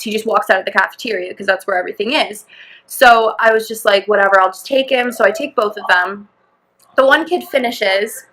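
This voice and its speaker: Her mid-range voice is bright and forceful as she, a young podcast co-host, spins a long, meandering anecdote in casual conversation, full of laughter, the word "like," and dramatized quotes.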